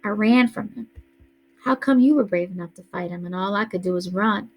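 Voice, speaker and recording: A woman's voice: medium pitch, fairly quick, close to an everyday voice, rough recording. A woman reading aloud voices an anxious young boy who pleads and protests in distress. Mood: distraught. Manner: pleading, upset.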